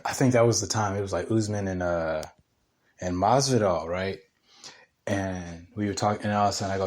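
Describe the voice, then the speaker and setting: A man's voice: deep voice, fairly even intonation, fairly quick, darkish tone. A young man telling stories on a podcast in a casual, slangy way, laughing often and rambling with restarts. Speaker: podcast co-host. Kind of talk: casual storytelling chat.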